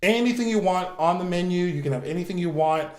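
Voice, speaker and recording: A man's voice: high-pitched, fast, a little mellow, natural voice. A man improvising a cheap, placating boyfriend on a date who hurries his words and keeps repeating himself. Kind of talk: improvised comedy scene. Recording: roomy reverb.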